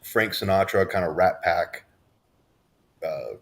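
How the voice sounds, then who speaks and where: A man from Southern California co-hosts a podcast in casual conversation, rambling with restarts and fillers. His voice is low-pitched and a bit bright with vocal fry, and he speaks at a slow pace.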